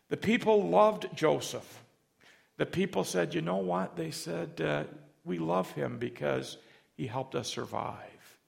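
Middle-aged male pastor, heavy vocal fry, earnest storytelling sermon with emotional swells. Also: fairly high pitch.

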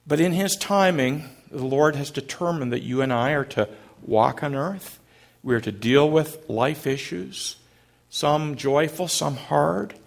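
Gravelly-voiced middle-aged pastor. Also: male voice, on the high side, expressive, unhurried. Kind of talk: sermon.

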